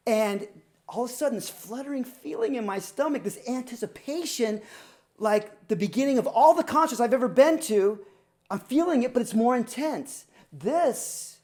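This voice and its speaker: A woman tells a personal story as a performance, dramatic and lively. She rises to loud, excited peaks and drops to hushed, near-silent passages. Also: a little high. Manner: animated, dramatic, swings between loud and hushed. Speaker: student storyteller.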